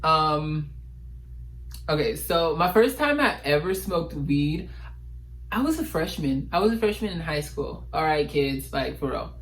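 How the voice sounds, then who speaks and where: A man's voice: fairly high pitch, a little slow, slight background noise, poor audio. Young male vlogger, casual chat, slangy and theatrical. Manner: animated, slangy, dramatic.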